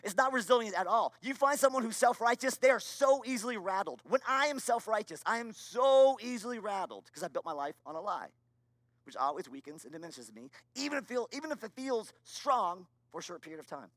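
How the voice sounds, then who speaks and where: A man preaching a sermon as a pastor, earnest and emphatic, with repeated phrases and moments of quiet confession. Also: sits high, expressive, a little fast, dry recording. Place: church.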